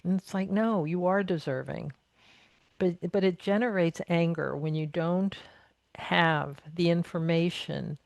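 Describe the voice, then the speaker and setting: A woman's voice: fairly low pitch, gravelly, darkish tone, dry recording. A middle-aged woman speaking as a podcast guest, reflective and emphatic, restating her points as she talks things through in conversation. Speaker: podcast guest, narrative coach. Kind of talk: conversational interview.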